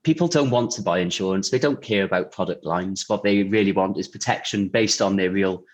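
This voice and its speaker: Man, lowish voice, easygoing guest answering questions with frequent fillers. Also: a little fast. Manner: relaxed, chatty, many fillers and restarts, laughs easily. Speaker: guest, insurance technology vendor. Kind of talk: casual interview answers.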